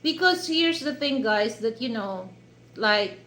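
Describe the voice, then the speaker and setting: A woman's voice: a little high, lively intonation, slow pace, fairly bright tone. A Filipino woman with a Filipino accent hosting a casual live chat with viewers. She talks chattily and leans on "you know" fillers. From Philippines. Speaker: live stream host. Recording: roomy echo, faint ambience.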